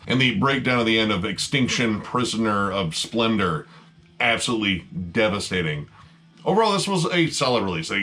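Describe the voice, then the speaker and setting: A man's voice: lowish voice, sharp tone. A man casually reviewing metal records, talking loosely with lots of fillers and cheerful swearing. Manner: laid-back, filler-heavy, swears freely, enthusiastic.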